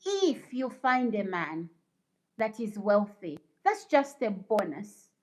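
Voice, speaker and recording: A woman's voice: mid-range voice, very animated, takes it slowly, rough recording. A woman hosting a casual livestream, reading viewer comments aloud and lecturing in an indignant, preachy way. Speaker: livestream host.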